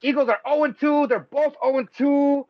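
High-voiced excitable man on a podcast. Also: normal speed. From Mexico. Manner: loose, profane, excitable, laughs often. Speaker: podcast host. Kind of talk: casual sports chat. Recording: dull lo-fi sound, dry.

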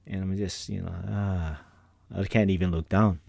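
A middle-aged man chats casually on his podcast, his voice low and mellow. He rambles through personal stories, laughing often and dropping slang. The sound is close and dry, with no room around it. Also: fairly even intonation, moderate pace, gravelly, no echo. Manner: laid-back, rambling, frequent laughs and slang. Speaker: podcast host.

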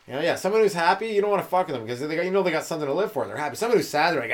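A man's voice: on the high side, very animated, very fast. A male comedian hosting a podcast, rambling through a loose, profane solo monologue and dropping into mocking voices for the people he quotes.

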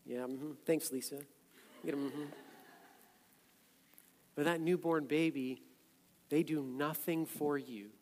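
A man preaching a sermon as a pastor, conversational and then loud and emphatic. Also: on the high side, steady tone, slow, pauses often. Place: church sanctuary. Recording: echoey hall, long reverb.

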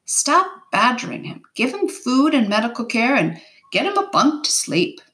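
A woman voicing a gruff but kindly male navy captain, read aloud from a storybook in a brisk, commanding manner. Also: high voice, big pitch swings, darkish tone, pitched above the performer's own voice.

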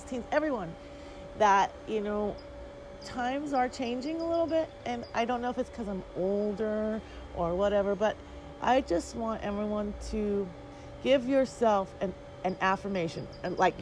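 A woman's voice: a little high, darkish tone, a little hiss or hum. A woman co-hosting a casual talk show, chatty and rambling, often laughing. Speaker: podcast co-host. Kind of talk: casual chat.

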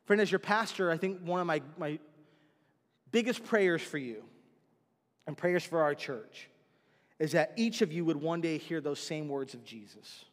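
High-voiced pastor preaching in a reverberant hall. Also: male voice, moderate pace, long pauses. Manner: animated storytelling, acting out voices. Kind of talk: sermon.

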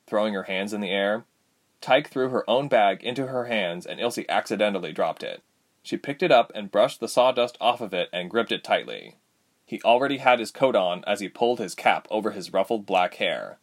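Expressive male storybook narrator. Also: lowish voice, normal speed.

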